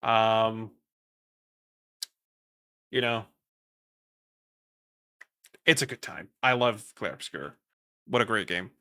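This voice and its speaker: A man's voice: on the low side, lively intonation, takes it slowly, pauses often, sharp tone. A young man from the Netherlands with a Dutch accent, chatting casually on a stream and rambling while reading chat. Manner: rambling, swears casually, reads chat aloud.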